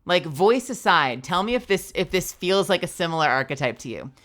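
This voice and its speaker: A woman's voice: lowish voice, sing-song, a little fast, a bit bright. A tired woman streamer chatting casually with viewers. She rambles and giggles, often stopping and restarting her sentences.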